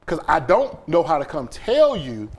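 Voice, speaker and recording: A man, a podcast guest, telling an emotional personal story in an animated way, acting out scenes with quoted voices and sound effects. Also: a little high, unhurried, husky.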